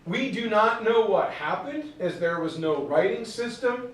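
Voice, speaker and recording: A male teacher giving a jokey, animated history lecture in a classroom, picked up by a distant camera mic. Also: high voice, a little slow. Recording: echoey classroom from far off.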